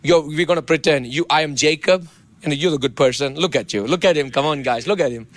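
A man preaching a sermon with impassioned, animated delivery and playful asides to his congregation. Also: fairly high pitch, a little fast. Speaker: pastor.

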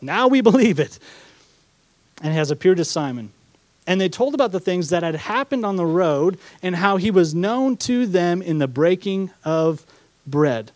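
A man's voice: on the high side, a little mellow, dry recording. A man preaching a sermon as pastor, reading scripture aloud and explaining it with rhetorical questions and acted-out asides. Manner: acts out the disciples' doubts in quoted asides.

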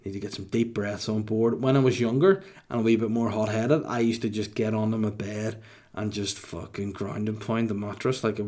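A man in his thirties with a Northern Irish accent, answering listener questions in casual chat with mock-boastful, deadpan jokes. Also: on the low side.

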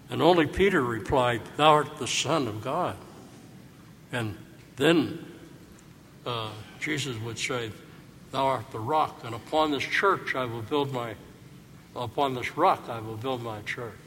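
A man preaching a sermon as a priest, reflective and gentle, asking his listeners rhetorical questions. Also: medium pitch, measured pace, long pauses, slight background noise. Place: church. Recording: church hall reverb, faint ambience.

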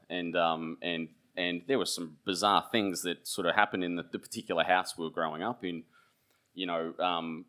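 Low-voiced Australian man telling a story. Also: fairly bright tone. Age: 30s. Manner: halting storyteller, many restarts and fillers. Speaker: author. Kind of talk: author talk with a reading aloud.

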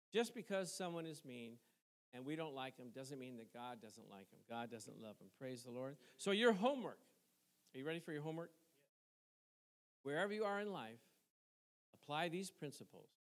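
A middle-aged male pastor preaching a sermon in a conversational way, tossing questions to the congregation and chuckling between points. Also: on the high side. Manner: conversational preaching with call-and-response asides and chuckles.

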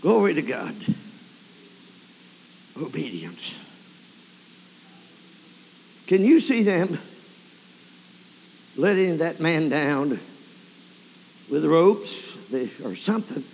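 A man's voice: fairly high pitch, animated, slow, vocal fry, pauses often, darkish tone, slight background noise. A man preaching a sermon, telling a story and breaking into emotional praise. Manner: emotional, exclaiming praise often. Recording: long hall reverb.

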